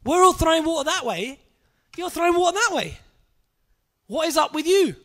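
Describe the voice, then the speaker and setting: A man voicing a puzzled pilgrim at a river who scolds a stranger, in a high incredulous voice. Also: very animated, normal speed, bright, forceful tone, full character voice. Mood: scolding.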